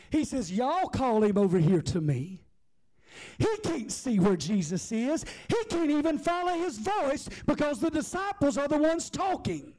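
Impassioned preacher, high mellow voice. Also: male voice. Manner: impassioned, rhythmic repetition, Southern US dialect. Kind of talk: sermon.

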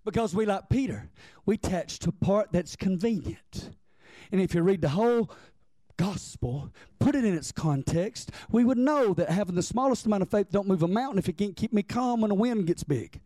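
Preacher guy, really high voice that swings all over, dry close sound, gets shouty then goes quiet. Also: lively intonation, normal speed, no room sound. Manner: impassioned, swings from shouting to near-hushed prayer. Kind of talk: sermon.

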